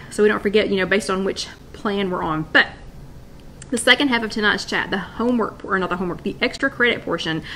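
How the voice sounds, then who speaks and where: A fairly bright, mid-range voice belongs to a woman hosting a laid-back wellness live stream, with a bit of hiss or hum present. She chats in a rambling way, restarting and repeating, and welcomes viewers by name.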